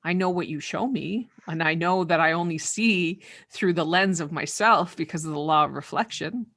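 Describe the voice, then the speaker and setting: Lowish-voiced woman hosting a video call chat, thoughtful, repeats words a lot. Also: normal speed, fairly bright tone. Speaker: host of a video-call conversation. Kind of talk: casual reflective conversation.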